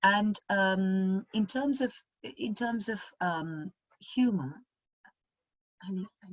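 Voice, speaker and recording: Husky-voiced middle-aged woman musing aloud. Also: medium pitch, takes it slowly, dry recording, muffled recording. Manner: reflective, thinking aloud. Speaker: interview guest. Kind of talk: casual conversational interview.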